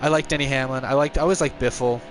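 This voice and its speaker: Young male streamer on a headset, tired voice, relaxed and rambling, game music going behind him. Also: medium pitch, rapid-fire. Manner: relaxed, rambling, answers viewer chat. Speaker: streamer playing a racing game. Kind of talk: casual live-stream chat.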